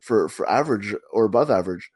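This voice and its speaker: A man guesting on a sports podcast, talking in a measured, analytical way and often repeating words as he thinks. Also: lowish voice, expressive, darkish tone, slightly rough, no echo. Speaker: podcast guest, hockey blogger. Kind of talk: casual sports podcast chat.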